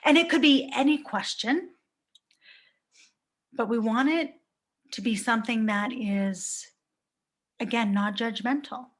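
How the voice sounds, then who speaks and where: A woman's voice: fairly high pitch, unhurried, long pauses. A woman in her thirties, a life coach giving a reflective live talk to viewers and asking many rhetorical questions.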